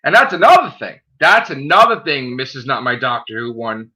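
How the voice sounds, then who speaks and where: A man's voice: mid-range voice, moderate pace, bright, forceful tone. A man hosting his own live stream, ranting heatedly with constant swearing and repeating "okay?" after his points. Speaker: channel host. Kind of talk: angry live-stream rant. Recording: dull lo-fi stream audio.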